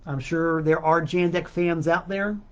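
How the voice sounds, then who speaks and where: A man hosts his own show in a slow, rambling monologue, his voice a touch high and his throat a little choked up. He drifts from aside to aside in a chatty way. The recording sounds dull and lo-fi. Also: fairly even intonation, slight background noise. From South Florida. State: a bit choked up, clearing throat. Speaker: podcast host and record seller. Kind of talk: casual solo monologue.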